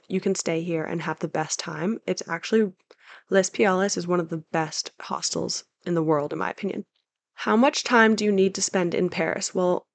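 Travel vlog host: young woman, chatty and enthusiastic, slightly low voice. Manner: upbeat, chatty, enthusiastic tips. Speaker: travel guide. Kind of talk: casual travel vlog talk.

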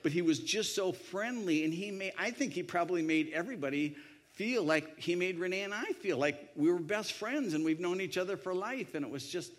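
A man's voice: high voice, lively intonation, brisk. A man telling a personal anecdote in a rambling way, with many restarts and voiced quotes. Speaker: storyteller. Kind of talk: anecdotal storytelling.

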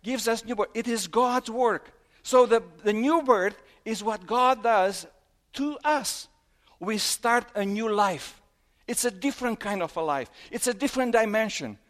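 A man preaching a sermon who asks questions and retells scripture scenes, dropping low and soft at emotional moments. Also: unhurried.

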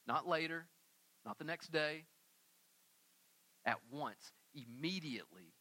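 Young male pastor, bright high voice, animated sermon that slips into casual character voices. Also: takes it slowly, long pauses.

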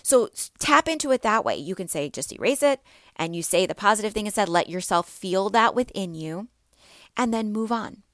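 A woman's voice: medium pitch, expressive, normal speed, fairly bright tone, dry recording, studio quality. A woman in her thirties hosting a wellness podcast for mothers, talking earnestly and encouragingly, repeating phrases for emphasis. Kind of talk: motivational talk.

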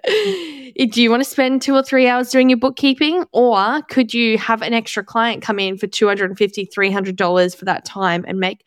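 Young woman, solo podcast host, blunt and motivational, raised pitch, smooth clear voice, dry close sound. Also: moderate pace, dry recording. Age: 20s. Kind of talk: casual solo podcast monologue.

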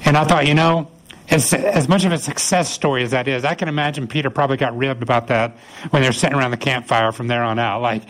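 A man preaching a sermon, retelling scripture as a lively story and acting out the voices of the people in it. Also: medium pitch, quick pace, rough recording. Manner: animated storytelling, acts out quoted voices. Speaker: pastor.

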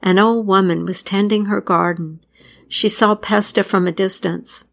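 A woman narrating a folktale and its history in a measured, deliberate scripted style. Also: medium pitch, steady tone, gravelly. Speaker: storyteller.

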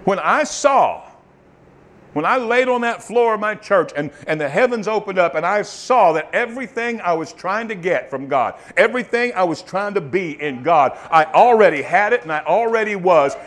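A man preaching a sermon, swinging from loud fervent bursts to soft, murmured testimony. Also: high-pitched, animated, normal speed.

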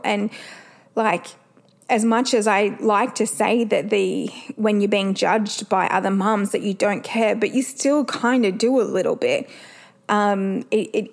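A woman's voice: medium pitch, vocal fry. A woman, hosting a podcast and chatting candidly, swearing freely. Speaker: podcast host. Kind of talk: casual solo podcast chat.

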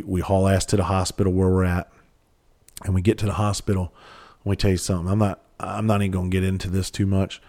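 A man with a very low, deep voice tells a personal story in a blunt, unpolished way. He swears freely and restarts his sentences as he talks. He speaks with the deliberate weight of a former first responder. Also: darkish tone. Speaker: father telling a personal story. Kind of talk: candid personal storytelling monologue.

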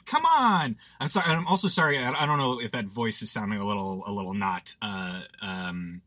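A man's voice: medium pitch, expressive, brisk, few pauses, sharp tone, dry recording. A man hosting a podcast, recapping a horror movie in a rambling, self-deprecating way with lots of asides. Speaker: podcast host.

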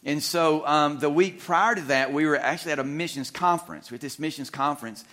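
Animated, chuckling middle-aged man preaching. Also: a little high, fairly quick. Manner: animated, humorous, chuckling, self-deprecating storyteller. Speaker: guest preacher. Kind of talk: storytelling sermon. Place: church sanctuary.

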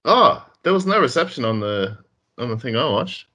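A man co-hosts a relaxed podcast conversation. He rambles a little and corrects himself as he goes. His voice is bright and middle-pitched, and his intonation moves a lot. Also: normal speed. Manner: chatty, with filler likes and self-corrections. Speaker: podcast co-host. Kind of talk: casual chat.

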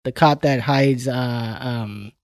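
A man's voice: medium pitch, slow pace, no echo, clean studio sound. A man co-hosting a casual chat in a laid-back, profane way, often saying "man". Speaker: podcast co-host.

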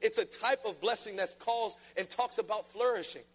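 A man preaching a sermon, playful and then emphatic, often mimicking flat reading voices. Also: high-pitched, normal speed, slightly rough. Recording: long reverb of a large hall.

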